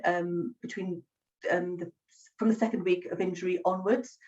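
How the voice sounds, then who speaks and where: A woman, a psychologist hosting a webinar, speaking in a measured way with many pauses over a video call. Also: lowish voice, a little mellow. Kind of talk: professional discussion on a video call. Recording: distant, dull lo-fi call audio.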